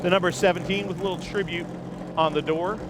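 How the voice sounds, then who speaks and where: Filming himself on a camera he holds, a male host walks around an outdoor race-car garage live, talking enthusiastically with his viewers. He speaks quickly in a high-pitched voice with fairly even intonation, while running engines and garage noise fill the background.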